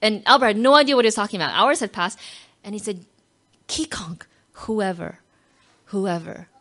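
A woman's voice: medium pitch, fairly quick. Woman telling a heartfelt faith story. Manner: animated, acts out quotes, drops to near-whisper at emotional moments. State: moved close to tears at times. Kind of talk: personal faith story told to an audience.

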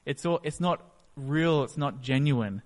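A man's voice: on the high side, animated, measured pace. A man preaching a sermon, retelling a story and acting out its scenes. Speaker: pastor. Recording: echoey hall.

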